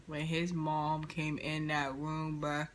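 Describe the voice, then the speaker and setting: A woman vlogger telling a story in an animated, slangy, dramatic way. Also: low-pitched, takes it slowly, a little hiss or hum. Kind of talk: storytime vlog.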